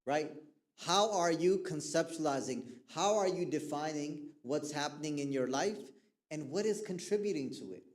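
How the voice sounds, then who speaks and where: A man with a somewhat high voice gives a relaxed, conversational talk to a youth group on mental health. He keeps checking in with his listeners as he goes, and he tells stories vividly, acting out the voices of the people he quotes. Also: moderate pace. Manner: animated storyteller who acts out quoted people.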